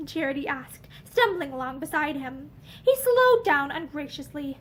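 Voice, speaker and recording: A woman reading a novel aloud with expressive, animated narration. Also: high voice, normal speed. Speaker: audiobook reader.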